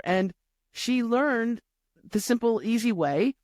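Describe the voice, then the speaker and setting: A woman's voice: low voice, moderate pace, a little mellow, no room sound, clean studio sound. A woman who coaches podcasters, speaking as an interview guest in an upbeat, encouraging way. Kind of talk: interview conversation.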